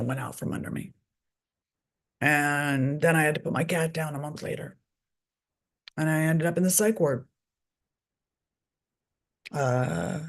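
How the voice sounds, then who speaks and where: Her voice rumbles low, creaky and darkish in tone, as a middle-aged woman tells her story. A guest author and recovery advocate, she's blunt and profane, speaking openly and swearing often.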